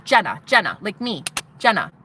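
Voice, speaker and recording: A young woman telling a personal story to her viewers in an animated, swearing way, acting out what others said. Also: mid-range voice, normal speed, slight background noise, poor audio. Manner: animated, swearing, acts out quotes. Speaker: vlogger. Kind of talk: storytelling testimony.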